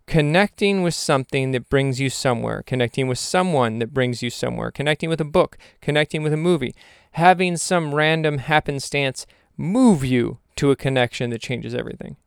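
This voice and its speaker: A man's voice: mid-range voice, fairly quick, vocal fry, hardly any pauses, clear, resonant tone, no echo, clean studio sound. A young man rambling through a reflective vlog monologue, questioning himself aloud with jokey asides. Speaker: vlogger.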